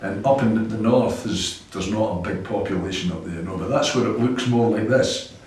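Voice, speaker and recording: A man's voice: fairly low pitch, moderate pace, darkish tone, a little hiss or hum. A man from Scotland with a Scottish accent, a rock musician chatting in an interview and telling rambling anecdotes with frequent chuckles. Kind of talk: casual interview chat. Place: old cinema venue. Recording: echoey room from a distant mic.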